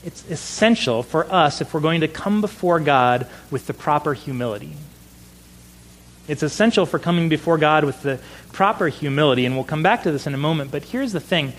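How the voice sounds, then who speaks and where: A middle-aged man preaching a sermon in an earnest voice, slowing down for emphasis. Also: fairly high pitch, a little hiss or hum, low-quality recording. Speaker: pastor.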